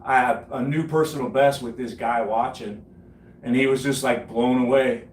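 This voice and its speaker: A man's voice: mid-range voice, steady tone, a little slow, far from the mic. A man in his late forties boasting casually about his cycling, swearing freely and laughing at his own stories. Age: 40s. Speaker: home gym streamer. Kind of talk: casual storytelling chat. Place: home gym. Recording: echoey room, from the mic, faint noise.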